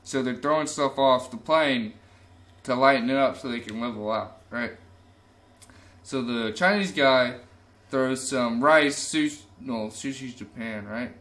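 Male podcast co-host, bright, laughs at his own jokes. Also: medium pitch, unhurried. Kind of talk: casual joke-telling chat.

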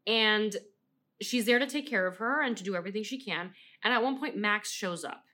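A woman co-hosting a podcast, chatting casually about a book, animated and swearing freely as she acts out her reactions. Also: medium pitch, a little fast. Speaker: podcast co-host. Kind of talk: casual book-review chat.

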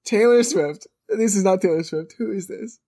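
A woman's voice: medium pitch, moderate pace, warm tone. A woman on a podcast, chatting casually and joking through a guessing game. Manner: joking, rambling with fillers. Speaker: podcast co-host.

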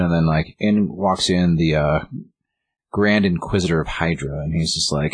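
A man's voice: rumbling low, normal speed, breathy edge, no echo. A man casually recapping a comic book story on a podcast, rambling with lots of fillers and restarts. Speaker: podcast co-host.

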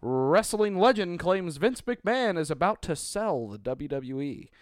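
A man's voice: a little high, sing-song, a little slow, dry recording, clean studio sound. A young man co-hosting a casual podcast, laughing a lot and reading news headlines with sarcasm. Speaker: podcast co-host. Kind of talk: casual crude podcast banter.

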